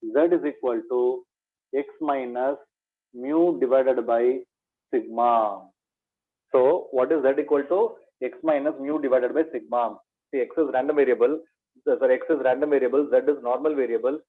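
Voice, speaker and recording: A man teaching maths revision speaks at an ordinary pace in a mid-range voice. He echoes each point back as a question, addressing students as "my dear," and the recording has a tinny, phone-quality sound.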